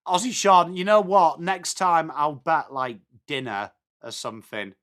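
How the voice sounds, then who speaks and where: Hosting a live football watch-along, this English adult with children calls the game and chats with viewers. He sounds a little high, a little slow, and a bit bright. His manner is chatty as he alternates between the play and viewer comments.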